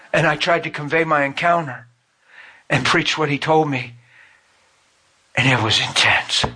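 Man preacher, husky voice, bright and forceful tone, emotional testimony. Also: fairly high pitch. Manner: emotional, storytelling, rising to fervent. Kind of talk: sermon with personal testimony.

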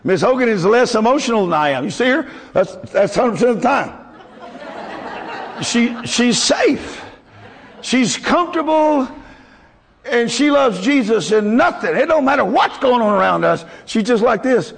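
A man's voice: extremely high pitch, lively intonation, moderate pace, creaky, breathy edge, big-room sound. A male pastor preaching a folksy, emotional sermon to his congregation.

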